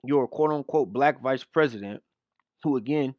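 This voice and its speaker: A man's voice: mid-range voice, normal speed, a little mellow, no room sound, dull audio. A man giving scornful reaction commentary on a video clip, mocking what he plays. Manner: scornful, mocking, mimics voices. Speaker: commentary host.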